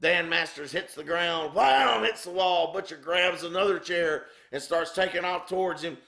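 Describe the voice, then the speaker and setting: A man, a former wrestler, telling a backstage story with animated delivery and acted-out sound effects. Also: a little high, moderate pace. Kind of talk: anecdotal storytelling. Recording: roomy echo.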